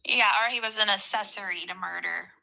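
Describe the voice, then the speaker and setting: A woman's voice: mid-range voice, a little fast, gravelly, crowd noise, poor audio. A woman co-hosting a casual live stream chat, talking in an opinionated, chatty way that trails off.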